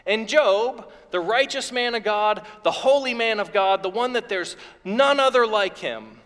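A man's voice: high-pitched, unhurried, a bit bright. A man preaching a sermon as pastor, earnest and repetitive in his phrasing. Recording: long reverb of a hall.

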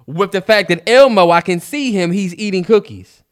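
A young man with a DMV accent, co-hosting a podcast in casual, animated chat. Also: high-pitched, clean tone. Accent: DMV African American English. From DC-Maryland-Virginia area. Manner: animated, laughs often, quick back-and-forth. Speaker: podcast co-host.

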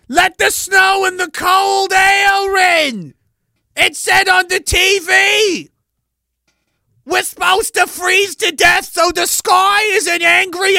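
A frantic, brainwashed alarmist, as a man puts him on, shrieking orders well above his usual pitch. He yells with a slow, overwrought panic. The sound is dry and close. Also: creaky, no echo, heavily acted. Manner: frantic, shrill shouting.

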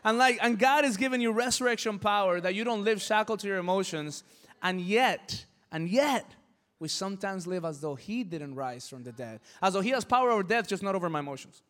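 High-voiced preacher man in a hall. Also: expressive, quick pace, hardly any pauses. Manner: preaching with sudden loud build-ups and rhetorical questions. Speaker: pastor. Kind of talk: sermon.

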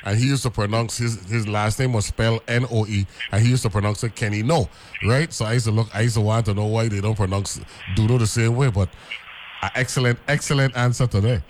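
A man hosts a radio talk show in a low voice. He rambles, doubles back on words and keeps checking in with "right?". A faint hiss sits under his voice. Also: steady tone, fast talker. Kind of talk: casual radio chat.

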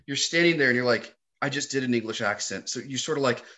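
Animated man telling a story, bright voice. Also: mid-range voice, fast talker. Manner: animated storyteller, swears casually. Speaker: actor and comedian guest. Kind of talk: casual conversation.

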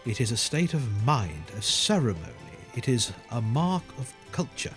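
A man's voice: medium pitch, big pitch swings, moderate pace, soft background music, close to an everyday voice. A man playing a pompous, tea-loving old professor. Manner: pompous, formal, mannered. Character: fussy, tea-loving older male professor.

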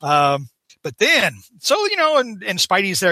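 A man guesting on a podcast, casually recapping a comic story. He talks in a halting way, full of fillers and small chuckles. His voice is high and very bright, recorded dry and close. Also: big pitch swings, no room sound.

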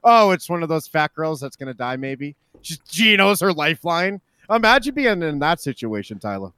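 High-pitched sarcastic guy roasting a friend on stream, swings up and down, dry mic. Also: big pitch swings, normal speed, sharp tone, clear, resonant tone, no echo. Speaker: podcast co-host. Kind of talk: casual streamed chat.

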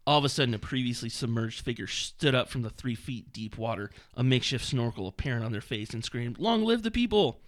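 Male host, bright tone, casual, mock-reads passages with laughs and fillers. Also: medium pitch, steady tone, fast, hardly any pauses. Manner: mocking, laughing while reading, many fillers. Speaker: podcast host reading a book aloud. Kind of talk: casual chat, reading passages aloud.

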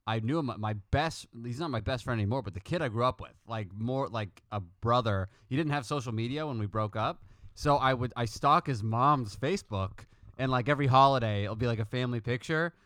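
A man's voice: a little fast, no echo, studio quality. A young adult man, a comedian guest in a casual podcast chat, telling stories and acting out the people in them with sudden jumps in voice. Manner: storytelling, acts out quoted people in loud jumps of pitch.

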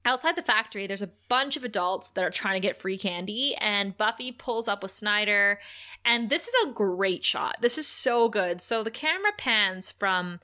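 A woman co-hosting a podcast, chatting casually as she recaps a TV episode, animated and laughing often. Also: medium pitch, normal speed. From Canada. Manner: chatty, animated, laughs a lot, many likes. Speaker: podcast co-host.

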